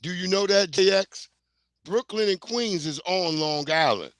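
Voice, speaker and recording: A man's voice: high-pitched, unhurried, fairly bright tone, dry recording. A middle-aged man, hosting a livestream in a blunt, heated, profane rant. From New York. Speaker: livestream host. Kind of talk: casual ranting commentary.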